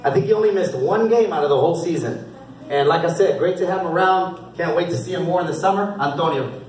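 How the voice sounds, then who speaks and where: A man with a high voice speaks as a youth football coach handing out awards at a team banquet. He is upbeat and encouraging, laughing often. The sound carries the echo of a big hall, heard from some distance off the mic. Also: fast talker, background noise.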